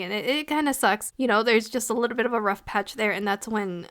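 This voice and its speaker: A woman's voice: on the high side, a little fast, fairly bright tone. A woman talking through an anime episode in a casual review, earnest and emotional, with many "you know" fillers.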